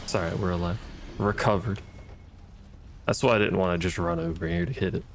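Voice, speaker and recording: A man's voice: low voice, fairly quick, slight background noise. A man giving casual, wry commentary as he plays a game, muttering and swearing at enemies. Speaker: gaming streamer.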